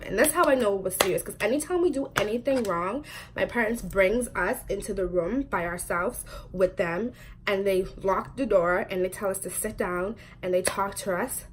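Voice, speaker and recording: A woman in her twenties telling a storytime vlog, talking quickly and chattily with lots of "like" fillers and frequent laughs. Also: medium pitch, background noise. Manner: chatty and fast, full of "like" fillers, laughs often. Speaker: vlogger.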